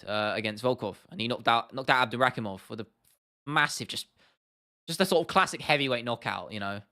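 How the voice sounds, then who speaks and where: Bright and forceful, this medium-pitched voice belongs to a young man from southern England hosting a casual MMA livestream. He answers viewer comments chattily, laughing often, repeating himself, and calling people in chat "lad" and "bro."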